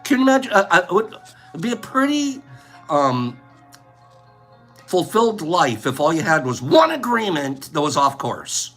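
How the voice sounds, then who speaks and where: High, lively man chatting playfully. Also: moderate pace, long pauses, soft background music. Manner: playful, rambling, laughs often. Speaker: host. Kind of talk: casual livestream chat.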